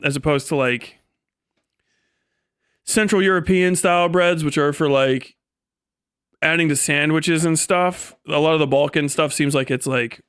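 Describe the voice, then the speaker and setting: A man's voice: on the high side, fairly bright tone, smooth, dry recording, studio quality. A man chatting casually on a livestream, laid-back, swearing often and laughing between remarks. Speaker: streamer.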